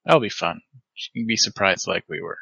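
A man voicing a gruff, laid-back female runner. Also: deep voice, big pitch swings, brisk, sharp tone, no echo, lo-fi sound, heavily acted. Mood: easygoing.

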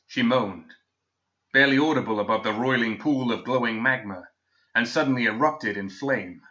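A man reading a fantasy story aloud in a measured, steady way, as scripted narration on a dull lo-fi recording. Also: mid-range voice.

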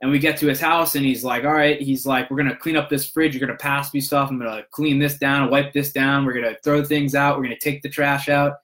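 A man's voice: mid-range voice, steady tone, a little fast, hardly any pauses, a bit bright. A young man casually telling a long, rambling story to his viewers, full of restarts and "he's like" quotes. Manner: rambling, many restarts and "I'm like".

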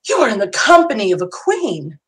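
A woman voicing a sadistic, cold male lord in a spoken fantasy story, drawing his words out slowly and mockingly. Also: mid-range voice, sing-song, lightly acted. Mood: cold, taunting. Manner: slow, drawn-out taunting delivery. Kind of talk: erotic audio story reading.

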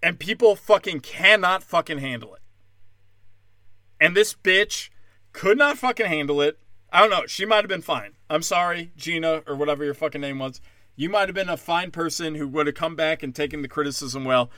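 A man's voice: a little high, lively intonation, normal speed, bright, forceful tone, no room sound, studio quality. A man with a New York accent, a stand-up comic, ranting profanely and aggressively on his late-night podcast. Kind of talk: angry podcast rant.

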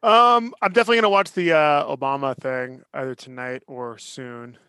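A man's voice: mid-range voice, fairly even intonation, normal speed, sharp tone, smooth, no room sound. A man co-hosting a podcast, chatting casually with a dry, teasing manner. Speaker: podcast co-host. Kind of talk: casual chat.

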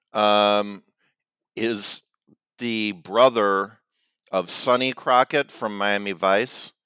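A man co-hosting a casual comedy podcast, talking in a deadpan, halting way with lots of "okay"s. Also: fairly low pitch, clear, resonant tone, no room sound, studio quality. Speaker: podcast co-host.

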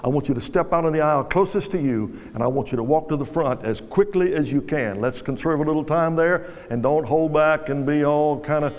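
Pastor exhorting a big congregation. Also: male voice, on the high side, brisk, few pauses, a little mellow. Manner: exhorting, repeats commands to a crowd. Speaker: guest pastor. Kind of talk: sermon. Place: large church hall. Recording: live church hall with reverb and music. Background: music and congregation.

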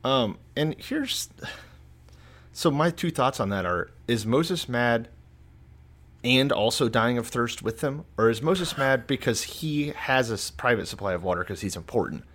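A man's voice: medium pitch, animated, a little slow, fairly bright tone. A man co-hosting a casual podcast, with dry, teasing remarks and casual swearing. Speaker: podcast co-host. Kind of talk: casual banter.

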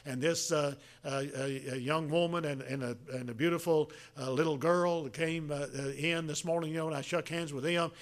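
An older preacher in his seventies delivers a homespun sermon, his voice sitting a little high for a man. He talks in a folksy, halting way, with plenty of fillers and restarts as he works his way through each point. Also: fairly even intonation. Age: 70s. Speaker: pastor.

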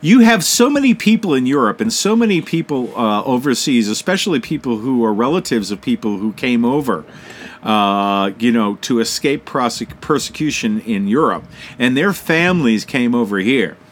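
A man's voice: mid-range voice, expressive, moderate pace, slight background noise. A man co-hosting a casual talk show, rambling and swearing, often laughing. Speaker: co-host. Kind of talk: casual radio chat.

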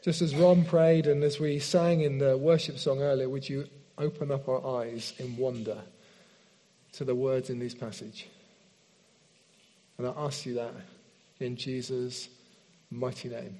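A man preaching a sermon, leading a prayer and reading scripture slowly and earnestly. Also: mid-range voice, little pitch movement. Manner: earnest, slows down and softens in prayer. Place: church hall with screen behind speaker. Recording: long hall reverb.

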